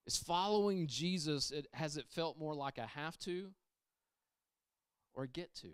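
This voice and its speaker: Emphatic preacher with a smooth voice. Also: male voice, a little high, a little slow, no echo, clean studio sound. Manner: emphatic, repeats phrases, shifts from loud to hushed. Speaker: pastor. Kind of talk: sermon. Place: church sanctuary.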